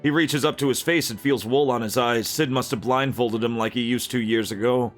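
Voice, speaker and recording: A man reading a dark, violent fantasy story aloud in an unhurried, gritty narration. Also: medium pitch, steady tone, faint music behind.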